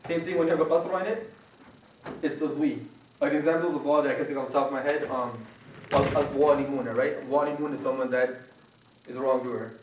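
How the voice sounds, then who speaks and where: A young adult teacher of Quran recitation works through pronunciation with university students in a meeting room, patiently and informally modeling sounds repeatedly. His mid-range, darkish voice stays steady at a quick pace. The recording is echoey and muffled from a distant mic, with slight background noise.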